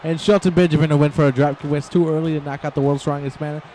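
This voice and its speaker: A man giving excitable, rambling play-by-play commentary over a wrestling video game, shouting on the big moves. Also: a little high, quick pace, a little hiss or hum.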